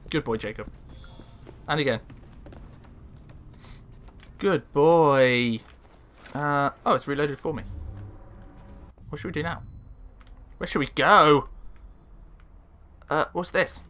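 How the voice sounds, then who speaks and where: A man casually commentating on his own gameplay, sweary and excitable, talking back to the characters on screen. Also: on the high side. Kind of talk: casual let's-play commentary.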